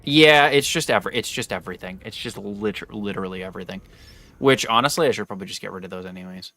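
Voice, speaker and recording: A man's voice: fairly low pitch, fast talker, pushed and bright. Rambling young man streaming a game. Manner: rambling, self-correcting, talks to chat. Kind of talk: casual live-stream chat while gaming.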